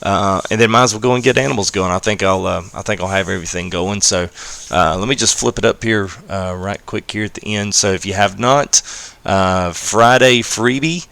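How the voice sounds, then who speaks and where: A man live-streaming a farming game, explaining casually with many fillers and greeting chat, his voice a little hoarse. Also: fairly low pitch, moderate pace, no echo. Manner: rambling, many fillers, friendly shout-outs to chat. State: slightly hoarse.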